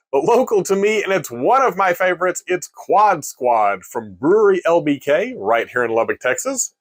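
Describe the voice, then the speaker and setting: Lively, self-mocking male beer reviewer. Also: fairly high pitch. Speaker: beer reviewer, video host. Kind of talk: casual tasting review.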